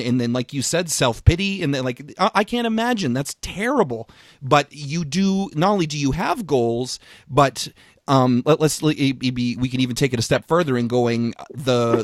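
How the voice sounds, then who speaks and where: A man and fitness coach co-hosting a podcast, talking in an emphatic, energetic way with frequent restarts and repeated words. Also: mid-range voice, dry recording, clean studio sound. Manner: casual swearing. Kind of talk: casual podcast chat.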